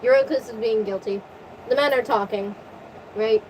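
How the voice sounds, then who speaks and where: A young woman retelling a story in casual, crude, excitable slang. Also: a little high, moderate pace. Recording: distant mic with faint vehicle noise.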